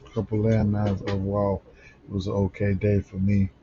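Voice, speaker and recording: A man's voice: on the low side, completely flat delivery, normal speed, muffled recording, background noise. A man hosting a casual sports betting picks rundown, sleepy in the early morning and rambling with many fillers and restarts.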